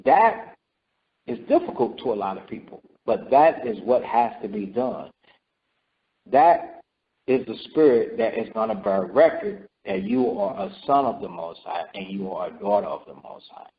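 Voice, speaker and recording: A man's voice: fairly low pitch, big pitch swings, moderate pace, gravelly, slight background noise. A man teaching scripture in a sermon, repeating himself and asking "right?" and "okay?" as he goes. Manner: repetitive, calls for responses with "right?" and "okay?". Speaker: teacher leading scripture study. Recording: dull lo-fi recording.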